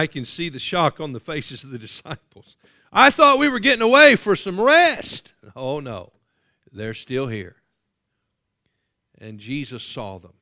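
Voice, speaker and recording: A man preaching a sermon as pastor, with a dramatic delivery that swells loud and drops to a hush. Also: a little high, dry recording, studio quality.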